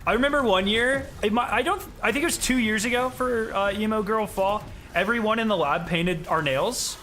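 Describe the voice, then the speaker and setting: Speaking at normal speed with slight background noise, a Southern US man on a live stream rambles in loose, profane chat aimed straight at his viewers. His voice is crisp and bright, a little high for a man.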